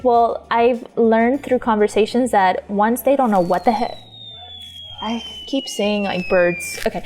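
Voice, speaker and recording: Young woman from Peru, animated and chatty; casual advice vlogger. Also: medium pitch, moderate pace. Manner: chatty and animated, acting out sample dialogues. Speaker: vlogger giving social advice.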